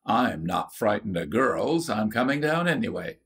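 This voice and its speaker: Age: boy of twelve voiced by a man. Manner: jeering, yelling taunts. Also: on the low side, sing-song, moderate pace. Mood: taunting. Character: rough bullying boy of about twelve.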